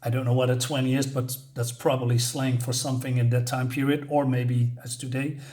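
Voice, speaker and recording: A man's voice: medium pitch, level tone, a little fast, a little mellow. A man giving a casual spoken comic review, rambling and amused, with lots of fillers.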